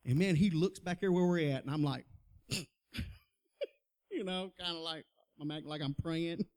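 A man's voice: a little high, moderate pace, darkish tone. A middle-aged man, telling his testimony in a folksy preaching style, laughing often and calling out to the crowd. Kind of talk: personal testimony, sermon style.

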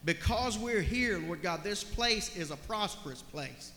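A man's voice: high voice, lively intonation, measured pace, bright, forceful tone. A man, a pastor preaching and then leading a heartfelt prayer, often repeating "God" and "Lord". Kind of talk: sermon and closing prayer. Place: church sanctuary. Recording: echoey church hall.

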